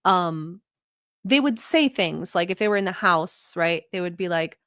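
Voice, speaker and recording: A woman's voice: lowish voice, expressive, measured pace, a bit bright, no room sound, clean studio sound. A woman from the Middle East hosting a casual reaction video, with blunt, profane commentary and frequent laughing asides. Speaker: reaction vlogger host.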